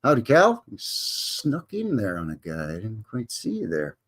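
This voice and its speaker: A man's voice: lowish voice, huge pitch swings, measured pace, a bit bright, breathy edge. A man from Alberta with a Canadian accent, hosting a live stream in a rambling, folksy way and greeting viewers by name. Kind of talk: casual live-stream chat.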